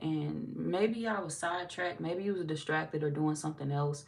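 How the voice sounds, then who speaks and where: A woman's voice: low-pitched, normal speed, vocal fry, recorded from a distance. A woman giving a casual tarot reading, talking bluntly with lots of cursing and acting out what other people say. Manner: blunt, profane, animated, slips into quoted voices. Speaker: tarot reader.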